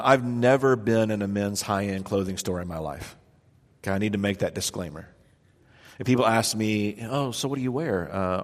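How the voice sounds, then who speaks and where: A man's voice: fairly low pitch, in a large hall. A man preaching a sermon in a church. He tells homely stories, pokes fun at himself and keeps asking the room questions. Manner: conversational, self-deprecating storytelling with rhetorical questions. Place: church sanctuary.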